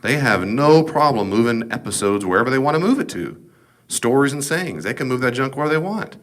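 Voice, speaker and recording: A man's voice: medium pitch, very animated, fairly quick. A man teaching a Bible study as pastor, talking emphatically and casually, full of rhetorical questions.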